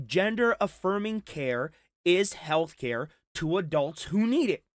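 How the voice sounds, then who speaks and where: High-pitched guy ranting, swearing a lot, sarcastic, dead dry sound. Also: very animated, measured pace, no echo. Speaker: commentary streamer. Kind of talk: heated reaction commentary.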